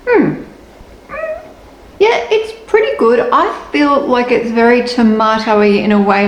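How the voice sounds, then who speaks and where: A woman's voice: a little high, echoey room, slight background noise, rough recording. An Australian woman chatting playfully through a casual taste-test vlog while cooking at home. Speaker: food vlogger. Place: home kitchen.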